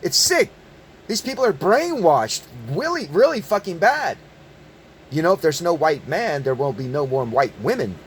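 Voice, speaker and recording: A man with a fairly high voice rants in a fierce, profanity-laced monologue, hammering his points and stumbling over repeated words. Faint background noise sits under his voice. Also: big pitch swings, normal speed. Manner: angry, profane, emphatic. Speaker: online commentator. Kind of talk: ranting monologue.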